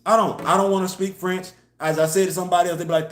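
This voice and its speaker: A man's voice: high-pitched, flat delivery, fast, few pauses, faint music behind. A man hosting a casual live online show, talking emphatically, firing off rhetorical questions and answering viewer chat. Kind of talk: casual live-stream commentary. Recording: echoey room.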